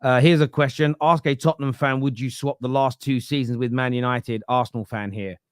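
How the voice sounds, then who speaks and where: A man's voice: mid-range voice, steady tone, brisk, clean tone, dry recording, clean studio sound. A man hosting a fan football podcast, talking bluntly and with opinion in a casual live-stream style, often starting with "uh" and restarting his sentences. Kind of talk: casual live-stream commentary reading viewer comments.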